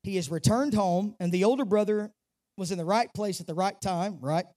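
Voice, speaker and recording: A man's voice: high voice, moderate pace, darkish tone. A male pastor giving a sermon in a church, pushing his voice up on key phrases and dropping into chatty asides. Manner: preaches with rising emphasis and casual asides. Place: church sanctuary.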